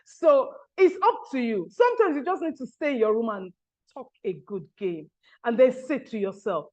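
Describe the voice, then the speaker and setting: A woman's voice: a little high, animated, normal speed, darkish tone, lo-fi sound. A woman giving a motivational business talk with an emphatic, preaching cadence over a video call. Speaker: business speaker.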